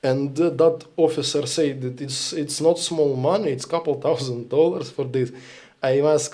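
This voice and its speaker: Um homem com sotaque ucraniano, falante nativo de ucraniano, contando histórias numa conversa casual de transmissão ao vivo, em inglês truncado, franco e cheio de palavrões. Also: male voice, fairly high pitch, normal speed, dark tone. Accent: Ukrainian. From Ukraine. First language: Ukrainian. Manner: blunt, profane, broken English storytelling. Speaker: streamer. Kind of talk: casual stream talk.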